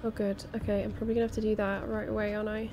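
A woman's voice: medium pitch, level tone, rapid-fire, music in the background. A woman playing a horror game while commenting casually, jittery and swearing, repeating herself when scared. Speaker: let's play gamer.

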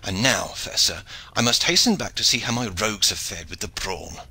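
A man's voice: lowish voice, animated, normal speed, bright, forceful tone, husky, full character voice. A man reading an audiobook, voicing a portly, blustering male knight who complains wrathfully. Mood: hasty.

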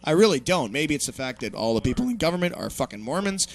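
A man's voice: on the high side, fast, creaky. Young male host, raised voice, profane mocking political rant. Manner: swearing, mocking, animated ranting. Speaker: podcast host.

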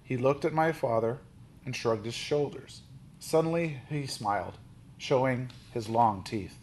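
A man reading a children's novel aloud, lifting his voice for quoted lines and dropping low on speech tags. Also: unhurried, a little hiss or hum. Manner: steady storybook reading, with small restarts.

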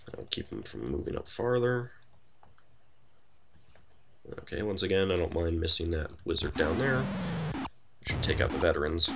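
Low gravelly man narrating gameplay. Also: very animated, normal speed, pauses often, bright, forceful tone, slight background noise. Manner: wry, thinking aloud, many fillers. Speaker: let's play host. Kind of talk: casual gameplay commentary.

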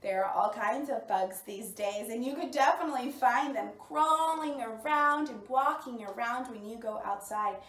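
A woman leading a bilingual storytime for small children, talking in slow, exaggerated, encouraging teacher tones. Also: on the high side, fairly bright tone. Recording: roomy sound, mic at a distance.

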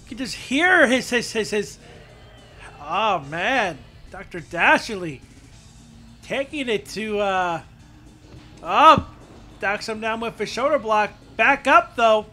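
Man, very high voice, bright and piercing, animated wrestling game commentary, mock-outraged shouts. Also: slow pace, pauses often, faint music behind. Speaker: gameplay commentator. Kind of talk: excited play-by-play of a wrestling video game.

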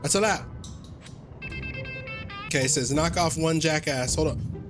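A man giving casual, excitable gameplay commentary, loud and profane, with plenty of slang. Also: on the high side, a little slow, over music. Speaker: gaming YouTuber.

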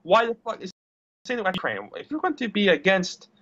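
Young man, high voice, lively pitch, rambling, blunt, dull lo-fi recording. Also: fairly quick. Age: young adult. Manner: rambling, blunt, swears, repeats words. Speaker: interview guest. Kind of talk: casual interview talk.

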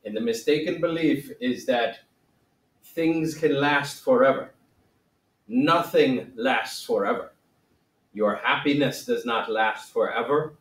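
A man's voice: fairly high pitch, measured pace, reverberant, distant mic, close to an everyday voice, low-quality recording. A male teacher playing a jokey wise sage in comic classroom role-play, with a wobbly put-on accent and theatrical delivery. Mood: mock-solemn. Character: man playing the Buddha as a mock-solemn sage.

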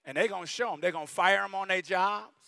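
A middle-aged man preaching a sermon in a church, animated and storytelling, rising at times to shouting. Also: high-pitched, quick pace, vocal fry, dry recording. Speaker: bishop preaching. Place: church sanctuary.

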